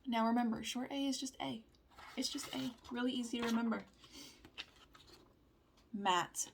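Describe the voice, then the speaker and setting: A woman teaching vowel sounds, reading word lists aloud slowly with calm pauses. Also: on the high side, gravelly, a little hiss or hum. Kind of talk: slow word-by-word vowel practice.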